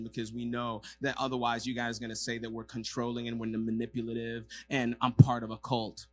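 A male pastor preaching a sermon to a congregation in a church hall, moving from quiet asides to loud, emphatic passages. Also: mid-range voice, little pitch movement, fairly quick, slight background noise.

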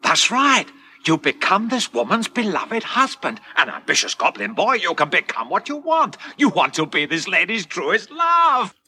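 High bright goblin daddy, scheming and coaxing, big swoopy tv-dub voice. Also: male voice, sing-song, normal speed, husky, full character voice. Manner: coaxing, theatrical. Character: doting scheming male goblin father. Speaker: dubbed TV series character.

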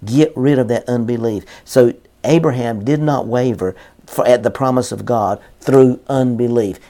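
A man's voice: mid-range voice, normal speed, mellow. A man preaching a sermon in an earnest, repetitive style, reading scripture aloud and driving his points home.

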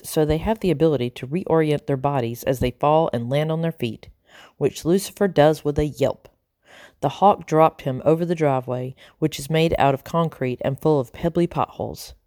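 A woman narrating a children's storybook in a calm, even reading voice. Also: low-pitched, no room sound, clean studio sound. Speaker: audiobook narrator.

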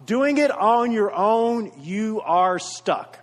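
High-voiced pastor preaching in a hall. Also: male voice, expressive, takes it slowly. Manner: earnest, repetitive emphasis, storytelling asides. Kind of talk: sermon. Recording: reverberant hall.

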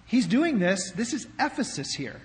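A man's voice: high-pitched, sing-song, normal speed. A man preaching a sermon as pastor, in a conversational way with rhetorical questions, in a church sanctuary. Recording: long hall reverb.

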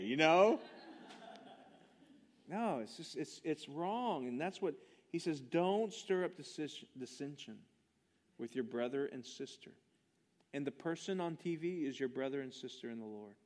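A man delivers a sermon in a high, light voice. He preaches with emphatic fervor, stressing each point. He pushes rhetorical questions at the congregation. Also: expressive, measured pace. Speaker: pastor.

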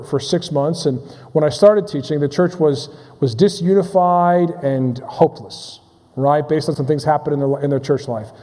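In this sermon, a pastor with a high-leaning, mellow voice speaks haltingly, restarting phrases and repeating words. He asks the congregation questions, and a large hall adds a long reverb.

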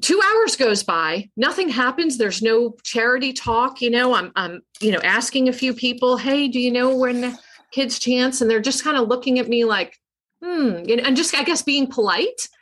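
A woman, a clinical psychologist guest, telling a story in a casual interview, animated and self-mocking with frequent laughter. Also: fairly high pitch, moderate pace, few pauses.

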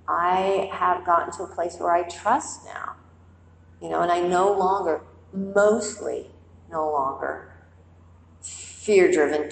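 A woman with a fairly low-pitched voice gives a conversational dharma talk to a group as their meditation teacher, in a quiet meditation hall. Her storytelling is animated, with acted-out inner voices. The low-quality audio is roomy, with a long reverb tail and slight background noise.

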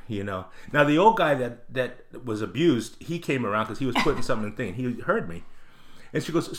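A man, a comedian, telling an animated, profane story in casual chat and acting out the people in it. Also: medium pitch, brisk. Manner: animated, profane, acts out voices in anecdotes.

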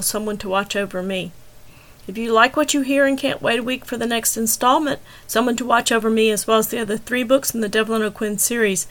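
A woman's voice: on the high side, low-quality recording. Woman reading her own novel aloud. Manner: steady, expressive narration. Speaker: host and author.

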